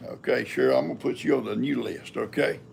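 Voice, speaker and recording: A man's voice: mid-range voice, fast, creaky, a little mellow, slight background noise. An older man, hosting a live stream in a rambling, folksy chat and talking to his cats. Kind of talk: casual chat.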